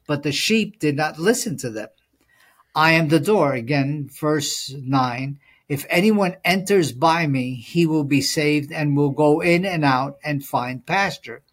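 Man, podcast co-host, casual Bible discussion, fairly high pitch, thoughtful, reads verses aloud. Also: unhurried. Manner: thoughtful, many fillers, reads scripture aloud.

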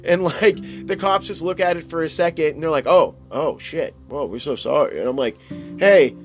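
Young guy, slightly high voice, casual profane storyteller, faint guitar bed. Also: a little fast. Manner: animated, profane storytelling with quoted asides. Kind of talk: casual anecdote telling.

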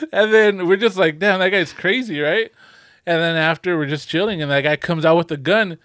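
A man's voice: high voice, normal speed, a bit bright, clear, resonant tone, no room sound, clean studio sound. A young man telling a rambling, profane story in casual podcast chat, laughing often. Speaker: podcast co-host.

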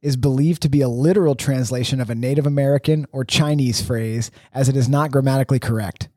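A man's voice: medium pitch, fairly even intonation, fast talker, mellow, no room sound, clean studio sound. A man hosting a casual podcast, quizzing his friends in a playful way. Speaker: podcast host.

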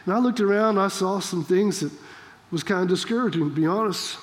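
A man's voice: high-pitched, fairly quick, in a large hall. A man preaching a sermon as pastor, fervent and exhorting, telling stories to make his points. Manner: fervent, exhorting, with storytelling asides.

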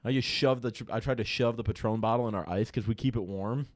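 A man's voice: fairly low pitch, quick pace, dry recording. A young man casually telling a rambling, profanity-laden story as a podcast co-host, with many restarts. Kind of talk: casual chat.

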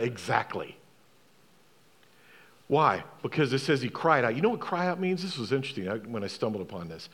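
A man's voice: fairly high pitch, big pitch swings, brisk, fairly bright tone, big-room sound. A man, a pastor, preaching a sermon, emphatic, asking the congregation questions and repeating key phrases.

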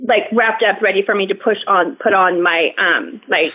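Woman, podcast guest, casual storytelling, halting with fillers, tinny phone-line sound. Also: mid-range voice, husky. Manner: halting, lots of fillers and restarts.

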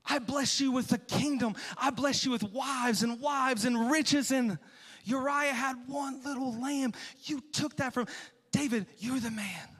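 A man voicing a stern biblical prophet who tells a parable and then gravely confronts a king. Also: very high-pitched, unhurried, fairly bright tone, in a large hall, exaggerated voice.

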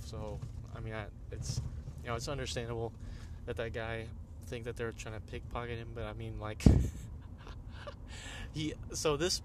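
A man's voice: medium pitch, background noise. A young man casually retelling funny videos, rambling with restarts, laughing often and using plenty of slang. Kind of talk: casual storytelling chat.

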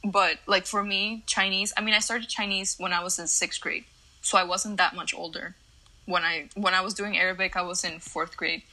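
Bright young woman explaining earnestly. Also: lowish voice, fairly even intonation, moderate pace, low-quality recording. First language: Spanish. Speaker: podcast co-host. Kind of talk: casual chat.

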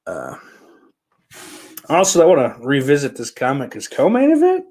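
A man's voice: on the high side, huge pitch swings, moderate pace, a little mellow. Profane rambling male podcast host. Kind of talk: casual rambling monologue.

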